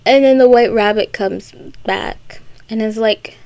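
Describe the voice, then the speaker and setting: A woman's voice: fairly high pitch, unhurried, darkish tone, dry recording. A young woman recapping a story for comedy, with sarcastic, rambling asides. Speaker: video creator.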